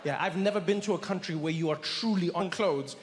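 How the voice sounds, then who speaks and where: A man from South Africa doing stand-up, telling a story with animated voices for the people in it, recorded live in a large theatre. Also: high voice, fairly quick, long reverb tail, very noisy. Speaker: stand-up comedian. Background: audience laughter.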